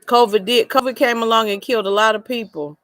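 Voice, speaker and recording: Lady chatting on her live stream, rambly storytelling, kinda high voice, dry close sound. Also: fairly even intonation, quick pace, fairly bright tone, no echo. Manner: rambling personal storytelling, greets chat viewers. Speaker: live chat host. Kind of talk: casual live chat.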